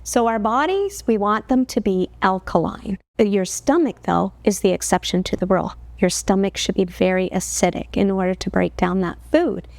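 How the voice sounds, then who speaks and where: A woman's voice: medium pitch, moderate pace, vocal fry, hardly any pauses, a little mellow, dry recording. A woman health educator explaining digestion as a talk-show guest, in an earnest, explanatory way with rhetorical questions. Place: television studio.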